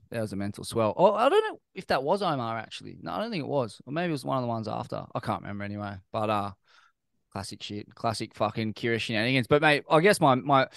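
Australian male host, relaxed rambling questions, mid pitch, dry close mic. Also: creaky, no echo. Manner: laid-back, rambling questions with swearing. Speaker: interview host. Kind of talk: casual interview.

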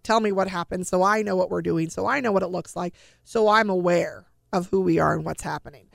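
A middle-aged woman speaks as an interview guest, telling a personal story in a plain, earnest, conversational way. Her voice is gravelly, with a lot of fry. The sound is close and dry, with no room around it. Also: on the low side, fast, no room sound. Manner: earnest, conversational, often repeating words. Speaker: guest, bereaved mother.

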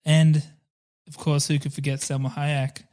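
A man chats casually about movies as a podcast co-host. His voice sits slightly high, and he rambles with hesitant fillers between points. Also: flat delivery, unhurried, a little mellow. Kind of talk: casual film discussion.

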